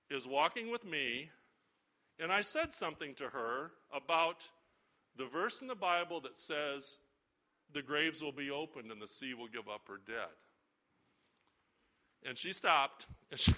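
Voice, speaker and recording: A man's voice: fairly high pitch, pushed and bright. A middle-aged man preaching an Easter sermon, folksy and storytelling, rising to emphatic appeals. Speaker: pastor.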